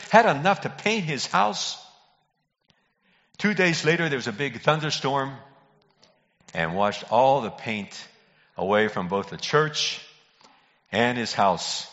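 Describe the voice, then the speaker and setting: An older male preacher with a bright, pressing voice leans into a folksy sermon, trading quips with his congregation. His words ring out through a church hall with a long echo, captured on a dull, muffled recording. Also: medium pitch, lively intonation, unhurried. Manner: folksy joke-telling preacher who calls out to congregation members. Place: church sanctuary.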